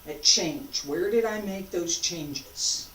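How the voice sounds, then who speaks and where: A woman instructor leading a martial arts practice, giving calm, repeated cues and asking questions as she demonstrates. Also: fairly low pitch, slow, a little hiss or hum. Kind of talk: teaching while demonstrating. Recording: echoey room, voice from a distance.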